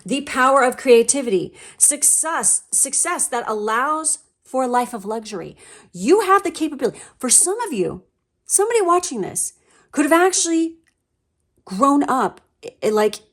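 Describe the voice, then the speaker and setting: A woman giving a pick-a-card tarot reading in a blunt, emphatic manner, swearing freely and using many fillers. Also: medium pitch. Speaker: tarot reader.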